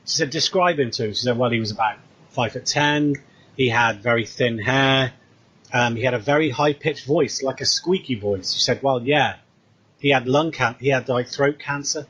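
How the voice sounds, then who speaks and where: A man's voice: mid-range voice, moderate pace, breathy edge, rough recording. A British man casually retelling a story, acting out the dialogue as he goes. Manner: animated retelling with quoted dialogue. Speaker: co-host.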